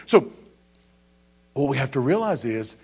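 A man's voice: mid-range voice, very animated, measured pace, darkish tone, husky. A man in his thirties preaching as a pastor, building emphasis with rhetorical questions and casual asides. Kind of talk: sermon.

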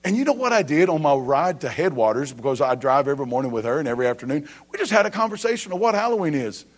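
A man's voice: a little high, sing-song, fast. A man in his thirties preaching as a pastor, building emphasis with rhetorical questions and casual asides. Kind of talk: sermon.

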